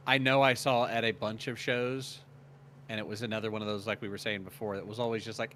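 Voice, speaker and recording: A man co-hosting a casual podcast chat in a relaxed, wry way. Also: lowish voice, fairly quick, a little hiss or hum. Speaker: co-host.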